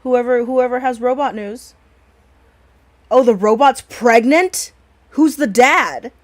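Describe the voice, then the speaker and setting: A woman's voice: on the high side, takes it slowly. A woman hosting a stream in casual chat, blunt and profane, rambling with many restarts. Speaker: stream host.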